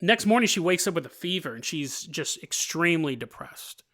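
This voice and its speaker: Bright-voiced man telling a story. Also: on the high side, lively intonation. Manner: chatty, with joking asides and quick laughs. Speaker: podcast host. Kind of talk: casual storytelling narration.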